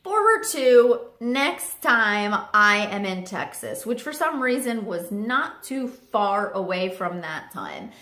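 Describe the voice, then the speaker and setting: A young woman telling a chatty storytime vlog story, animated with lots of fillers. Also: a little high, measured pace, hardly any pauses. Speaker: vlogger. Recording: roomy echo.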